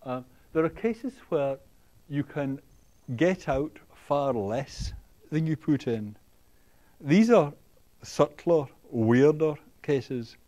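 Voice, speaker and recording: A man giving a university lecture, talking in a halting way with many ums and restarts, often checking in with the students. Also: on the high side, animated, mellow. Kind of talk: classroom lecture. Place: lecture hall.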